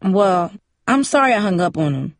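A woman's voice: mid-range voice, very animated, moderate pace, dry recording, studio quality. A woman voicing a hurt, resentful teenage girl who pleads and mumbles sulkily.

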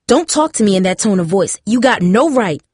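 A woman's voice: mid-range voice, lively intonation, fairly quick, dry recording, studio quality, lightly acted. A woman voicing a furious mother who hollers and lashes back during an argument. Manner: hollering, lashing out. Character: furious mother, emergency nurse, fuming.

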